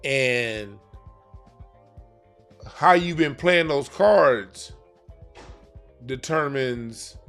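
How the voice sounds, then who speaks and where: A man's voice: mid-range voice, lively intonation, drawn-out words, vocal fry, pauses often, a bit bright, soft background music. A man reading playing cards for a yearly forecast, talking casually in an emphatic, slangy way, often repeating and restarting his phrases. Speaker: card reader. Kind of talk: casual explainer monologue.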